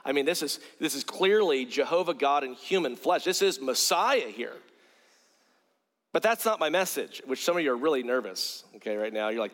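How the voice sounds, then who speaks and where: A man's voice: on the high side, expressive, a little fast, a bit bright. A middle-aged male evangelist from South Carolina, preaching a sermon with stories and repeating words earnestly as he builds a point. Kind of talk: sermon with storytelling. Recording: long hall reverb.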